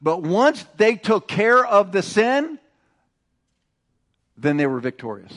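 A man's voice: high-pitched, very animated, takes it slowly, fairly bright tone. A man pastor preaching an emphatic sermon, calling on the congregation to repeat phrases after him. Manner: emphatic, calls for congregation responses.

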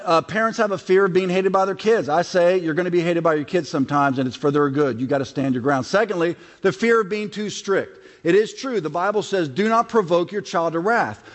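A middle-aged man preaching a sermon as a pastor, talking conversationally and acting out quotes from his family life. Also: a little high. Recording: long reverb of a large hall.

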